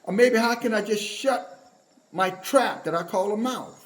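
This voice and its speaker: A man with a notably high voice delivers a scolding online sermon. He talks in an emphatic, confrontational way and stops to read scripture aloud. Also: unhurried. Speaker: preacher.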